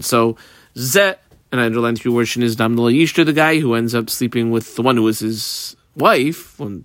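A man's voice: medium pitch, fairly bright tone, no echo, clean studio sound. A man teaching a Talmud page in a casual, conversational way, translating line by line with frequent fillers. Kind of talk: casual Talmud study lesson.

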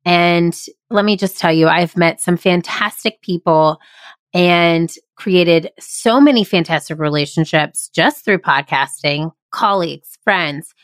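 A woman's voice: fairly low pitch, a little slow, clean tone, no room sound. A woman hosting her own podcast, giving an upbeat, emphatic motivational talk into a microphone in a small closet. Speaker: podcast host and improv workshop leader. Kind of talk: solo podcast monologue. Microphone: studio podcast microphone.

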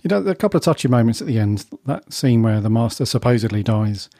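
A man from Britain hosting a podcast, leading a casual chat in a relaxed way. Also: medium pitch, fast talker, no room sound, studio quality. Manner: relaxed, leads the discussion. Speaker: podcast host.

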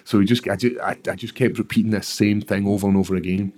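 A man's voice: lowish voice, fairly even intonation, fast talker, a little mellow. A Scottish man in his thirties, a professional fighter telling his story candidly and bluntly in an interview, swearing freely.

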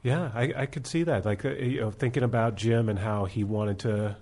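A man's voice: mid-range voice, normal speed, a little mellow. A man hosting a podcast, chatting casually with short agreeing replies. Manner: brief agreeing interjections. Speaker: podcast host. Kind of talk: casual chat.

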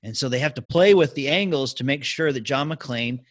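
A man's voice: mid-range voice, normal speed. A man co-hosting a podcast, telling a behind-the-scenes movie story in casual chat. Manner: lively, animated storytelling. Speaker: podcast co-host.

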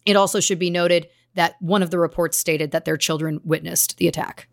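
A woman's voice: on the low side, steady tone, brisk, gravelly, no room sound, studio quality. Woman narrating a true crime story. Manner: earnest, reading case details with grave emphasis. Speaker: podcast co-host.

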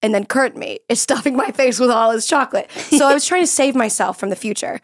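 A woman's voice: on the high side, fast. A young woman hosting a comedic advice podcast, chatting casually and giggling at herself a lot. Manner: giggly, self-deprecating, laughs often. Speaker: podcast host.

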